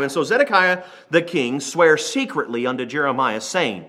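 A man preaching a sermon, reading scripture slowly and then retelling it in lively everyday speech, acting out the characters. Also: medium pitch. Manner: switches from slow King James reading to lively paraphrase.

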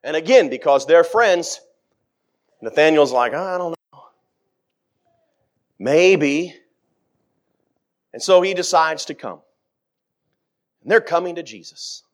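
A middle-aged man preaching a sermon, acting out scripture quotes with dramatic swings in pitch and loudness. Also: lively intonation, normal speed, pauses often.

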